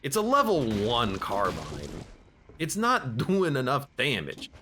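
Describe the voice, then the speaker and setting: A man's voice: medium pitch, huge pitch swings, unhurried, pushed and bright, slight background noise. A man streaming a game, talking casually and joking to himself and the viewers as he plays. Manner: chatty, jokes at the game and at himself. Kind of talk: casual gameplay commentary. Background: game music.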